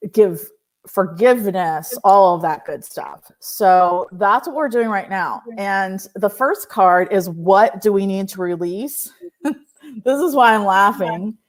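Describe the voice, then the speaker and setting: Slow-talking chatty woman card reader. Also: mid-range voice. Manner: chatty, laughs often, greets viewers by name. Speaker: host reading oracle cards. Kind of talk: casual live-stream chat.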